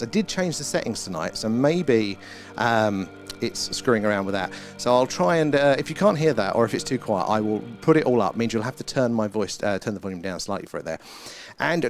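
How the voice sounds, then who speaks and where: A man's voice: mid-range voice, expressive, brisk. A British man hosting a casual live stream, chatting, greeting viewers by name and swearing mildly. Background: faint ambient music.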